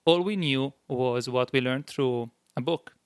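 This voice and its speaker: A man's voice: medium pitch, unhurried, clear, resonant tone, dry recording, studio quality. A man from Italy with an Italian accent, a guest in a casual interview, telling his story plainly and earnestly.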